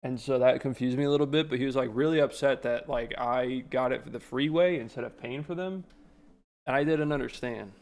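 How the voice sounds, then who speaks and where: A man's voice: mid-range voice, a little fast, darkish tone. A man streaming, chatting casually and rambling through stories with lots of filler words. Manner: rambling, filler-heavy storytelling. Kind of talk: casual livestream chat.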